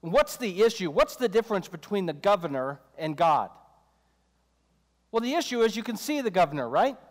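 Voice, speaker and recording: A man's voice: sits high, big pitch swings, moderate pace. A man preaching a sermon in a conversational style, with joking asides and quoted voices acted out. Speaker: pastor. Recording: long reverb of a hall.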